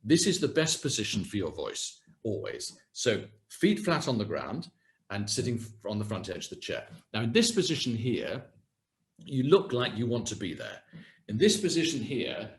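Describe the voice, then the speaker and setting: Speaking at a moderate pace with a medium-pitched voice, this man coaches viewers on voice and posture. The webinar runs over a video call and is built around practical exercises. He stays lively and hands-on, showing each point while he explains it.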